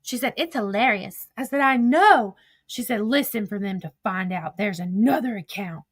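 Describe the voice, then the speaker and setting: A woman's voice: mid-range voice, animated, normal speed, husky, no room sound, clean studio sound. A woman telling a story in a casual way, reading out old text messages with blunt, profane asides. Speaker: commentator recounting drama.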